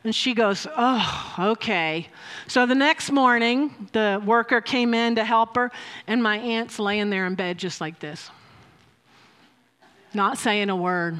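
A woman delivering a sermon at a measured, slow pace, her voice sitting high. She tells stories with frequent laughs and leans into emphatic rises. The sound carries a long reverb. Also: a bit bright. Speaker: preacher. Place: church hall with a mic. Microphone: handheld or stand mic.

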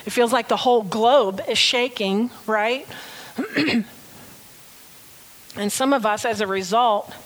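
Slow, high-voiced woman preaching. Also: fairly bright tone, rough recording. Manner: earnest, emphatic, slow stresses on key phrases. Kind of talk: sermon.

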